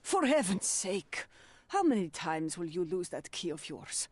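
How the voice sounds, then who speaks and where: A woman's voice: lowish voice, sing-song, measured pace, slightly rough, no echo, heavily acted. Old game landlady, stern, prim, scolding, dry booth sound. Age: older. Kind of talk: video game voice acting.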